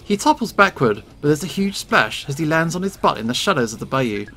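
A man hosting a let's play, reading the narration of a story game aloud in an expressive, dramatic way. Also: a little high, fairly quick, faint music behind.

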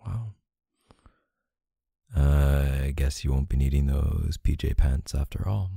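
A man in a whispered role-play as a boyfriend, talking softly and affectionately in murmurs. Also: very deep voice, takes it slowly, creaky, breathy edge, dry recording, studio quality. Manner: soft, murmuring, affectionate and emotional.

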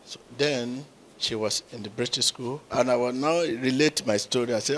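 Animated pastor telling a story. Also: male voice, medium pitch, moderate pace, slight background noise. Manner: animated storyteller who acts out quotes with sudden loud exclamations. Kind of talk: preaching, telling a story to a congregation.

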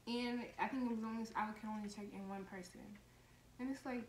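A woman's voice: fairly high pitch, a little fast. Young woman ranting through a storytime. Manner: animated, profane, heated storytelling. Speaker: vlogger telling a story. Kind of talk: casual storytime vlog. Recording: echoey room, faint background noise.

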